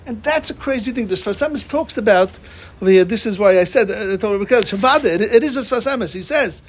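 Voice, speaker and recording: A man's voice: sits high, lively intonation, brisk, a little hiss or hum. A man giving a Torah class, talking animatedly and asking his listeners rhetorical questions. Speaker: Torah teacher.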